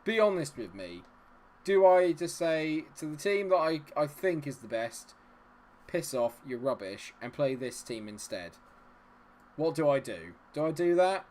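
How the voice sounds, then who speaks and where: A young adult man hosting a live gameplay stream, chatting with viewers and cheering loudly at the game. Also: on the high side, big pitch swings, unhurried, long pauses. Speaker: gaming livestream host. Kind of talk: live gameplay commentary and chat reading.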